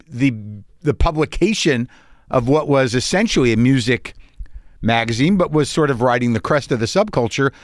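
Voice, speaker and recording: A man's voice: on the high side, dry recording, clean studio sound. A man in his fifties, hosting a podcast, rambling through a casual, profane, self-deprecating monologue. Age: 50s. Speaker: podcast host.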